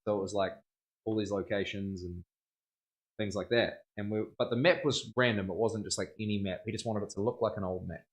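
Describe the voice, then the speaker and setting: This young tattoo artist's live stream is casual chat as he works, full of laughter and slang. He speaks briskly in a fairly low, steady voice.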